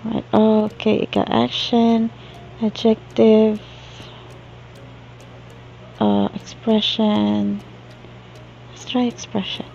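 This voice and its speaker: A Filipino woman vlogging as she learns new words, slowly thinking aloud and sounding them out. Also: medium pitch, completely flat delivery, vocal fry, warm tone, lo-fi sound, a little hiss or hum. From Philippines. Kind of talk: casual language-learning vlog.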